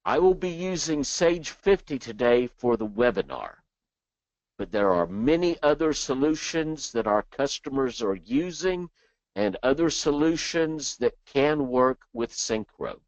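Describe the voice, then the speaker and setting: A man presenting a software training webinar in a chatty way, dropping joking asides between explanations. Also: mid-range voice, expressive, unhurried, no echo. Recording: dull dry lo-fi sound.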